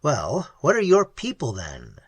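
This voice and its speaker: A blunt, practical male explorer with dry humor, read by a man in his own voice. Slow, husky delivery over a close, dry sound. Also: mid-range voice, wildly swooping pitch, no room sound, heavily acted. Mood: curious. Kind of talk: audiobook character reading.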